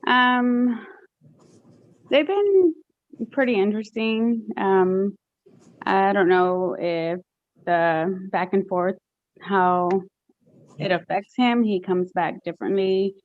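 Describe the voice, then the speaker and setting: A woman testifying as a mother in a courtroom, halting and full of fillers. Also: mid-range voice, no room sound, narrow, tinny audio. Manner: hesitant, many fillers. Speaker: witness, respondent mother.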